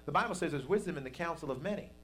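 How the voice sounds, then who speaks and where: A man's voice: a little high, animated, rapid-fire, a bit bright, faint music behind. A man preaching a sermon as pastor, in a folksy, conversational way that builds to emphatic peaks.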